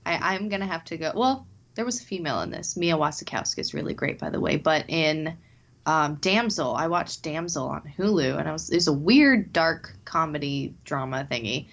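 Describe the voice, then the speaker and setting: A woman is a guest on a casual comedy podcast. Her voice is low-pitched but swoops widely. She teases her co-host and slips into silly voices for quotes. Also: expressive, normal speed, fairly bright tone, highs cut off. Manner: playful and teasing, acts out quotes in silly voices. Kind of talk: casual chat.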